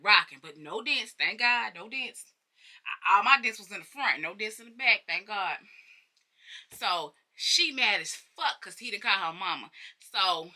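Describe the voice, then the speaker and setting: A woman telling a storytime about her own life to her viewers in a casual, profane way, jumping from loud outbursts to hushed asides. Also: medium pitch. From Arkansas. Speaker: storyteller vlogger.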